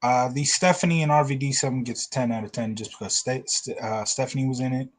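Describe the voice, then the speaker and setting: A man hosting a casual review show, retelling scenes in a lively way, acting out quotes and laughing often. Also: mid-range voice, fast talker. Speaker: podcast host.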